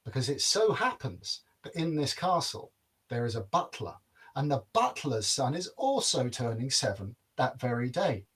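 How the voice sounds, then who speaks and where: A man's voice: medium pitch, big pitch swings, moderate pace, fairly bright tone, slightly rough. A man telling a folk tale aloud in a playful, wry, dramatic way. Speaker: storyteller. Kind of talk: oral folk-tale storytelling.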